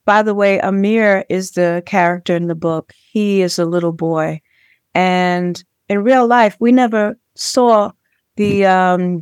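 A woman's voice: lowish voice, darkish tone, smooth, no room sound, clean studio sound. A woman from Brooklyn, an author, answering interview questions in a thoughtful, reminiscing way. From Brooklyn, New York.

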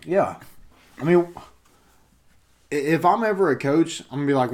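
A man's voice: a little high, animated, normal speed. Easygoing young male co-host, casual sports chat. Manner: laid-back, agreeable, many fillers. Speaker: podcast co-host.

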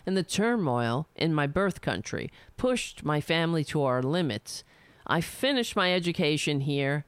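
A woman's voice: sits low, dry recording. A woman hosting a live stream, reading a letter aloud and breaking off into heated, profane rants. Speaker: livestream host.

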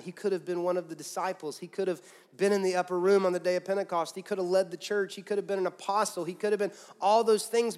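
A man preaching a sermon as pastor, swinging from loud, pressing emphasis down to quiet, soft lines. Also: high voice. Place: church auditorium with a congregation.

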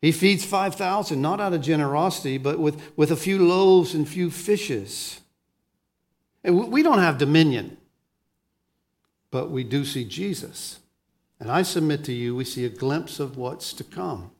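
A man preaching a sermon as pastor, swinging between soft, low lines and loud, lively ones, often restarting his words. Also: a little slow.

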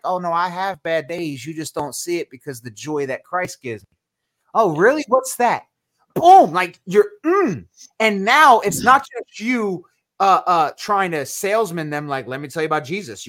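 A man's voice: a little high, fairly bright tone. A man hosting a Christian podcast, talking casually and with animation, often acting out quotes as he preaches. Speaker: podcast host. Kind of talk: casual chat.

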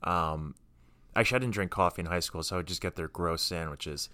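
A man's voice: deep voice, brisk, pushed and bright, dry recording. A man in his twenties co-hosting a casual podcast, telling self-deprecating stories. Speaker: podcast co-host. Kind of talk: casual chat.

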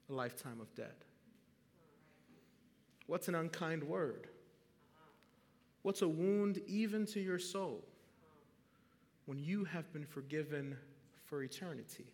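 A male pastor delivers a sermon at an unhurried pace, telling a story and putting questions to his congregation. His voice sits slightly high and rings through a large hall with a long reverb. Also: animated.

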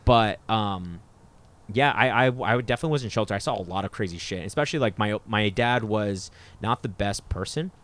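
A man's voice: on the low side, a little fast, fairly bright tone. A man in casual podcast chat, rambling and swearing, with lots of fillers and restarts.

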